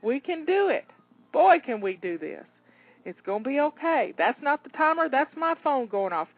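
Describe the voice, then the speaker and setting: A woman's voice: on the high side, no echo. A woman, cheering listeners through a timed cleaning session, a little out of breath. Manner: upbeat, encouraging, talks listener through tasks. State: slightly out of breath. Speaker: home organizing coach. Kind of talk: live timed cleaning coaching. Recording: tinny phone-like line, dry.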